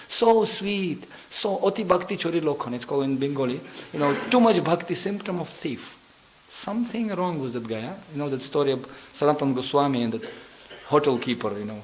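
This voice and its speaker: Man giving a temple sermon in a somewhat high voice. He tells stories with lots of animation, acts out the characters and laughs along the way. A faint hiss sits under the recording. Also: lively intonation, fairly quick, low-quality recording. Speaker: visiting preacher. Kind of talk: sermon with storytelling. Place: temple hall.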